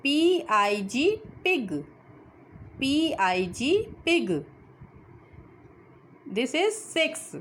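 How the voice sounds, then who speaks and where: A woman teaches children phonics at a very slow, deliberate pace. Her pitch swings widely as she spells each word letter by letter and then says it again. A faint hum of background noise sits under her voice. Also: very animated.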